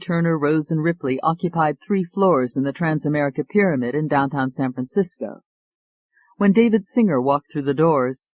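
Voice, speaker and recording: A man reading an audiobook as narrator, measured and even. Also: on the high side, no room sound, highs cut off. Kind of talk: scripted narration.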